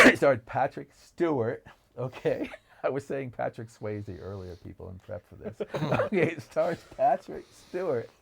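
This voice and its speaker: A man's voice: mid-range voice, lively intonation, a little slow, gravelly, fairly bright tone, breathy edge. A man co-hosting a podcast, talking about films in an enthusiastic, rambling way. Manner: enthusiastic, digressive storytelling. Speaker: podcast co-host. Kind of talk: casual film discussion.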